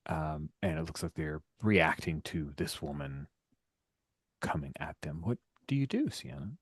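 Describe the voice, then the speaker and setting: A man's voice: very deep voice, unhurried, husky, no room sound. A man running a tabletop game as game master, narrating a scene loosely, with some whispered asides.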